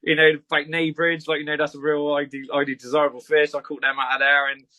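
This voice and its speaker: A man chatting as a podcast guest, telling rambling, animated stories with the odd swear word. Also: a little high, fast. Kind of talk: casual chat.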